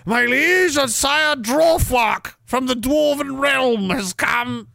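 A man voicing a pompous male court herald who announces a dwarf lord in a grand, drawn-out proclamation. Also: extremely high pitch, creaky, bright, forceful tone, dry recording, clean studio sound, pitched above the performer's own voice, exaggerated voice. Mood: proclaiming.

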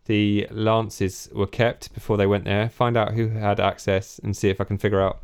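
A man playing a tabletop game, planning his moves out loud in a deliberate way. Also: fairly low pitch, flat delivery, clear, resonant tone. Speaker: player. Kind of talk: casual tabletop gaming chat.

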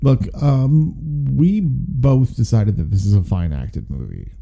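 A man with a dark, gravelly voice in a casual movie-review chat. His pitch swings freely up and down as he talks. He rambles conversationally and circles back on his words. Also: expressive, slow. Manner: rambling, conversational, many restarts. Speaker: podcast co-host.

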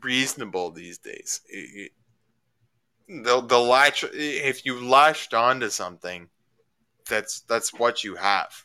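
A man's voice: medium pitch, animated, slow, pushed and bright, smooth. A man from Canada in casual talk, telling a story with many stammered restarts and getting worked up. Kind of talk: casual chat.

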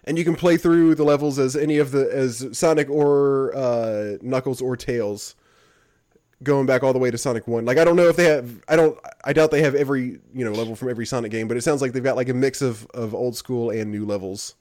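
A man's voice: mid-range voice, fairly even intonation, fairly quick, darkish tone, no echo, studio quality. A man hosting a casual gaming podcast, talking loosely with many fillers and teasing his co-hosts. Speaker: podcast host.

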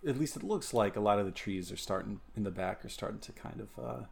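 A man's voice: fairly low pitch, gravelly. A man co-hosting a casual movie watch-along podcast, agreeing easily and trailing off mid-thought. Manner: agreeable, halting, lots of "yeah". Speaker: podcast co-host.

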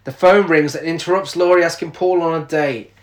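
Co-host, man, slightly high voice, laughs through plot recaps, echoey room. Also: a little fast. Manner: laughs often while retelling plot. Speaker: podcast co-host. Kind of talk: casual film recap chat.

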